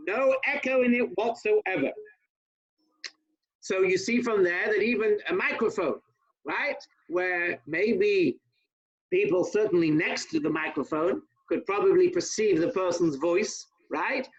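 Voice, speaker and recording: A man, a rabbi, teaching an informal class over a video call, talking fast with chatty asides to his listeners. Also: high-pitched, breathy edge, lo-fi sound.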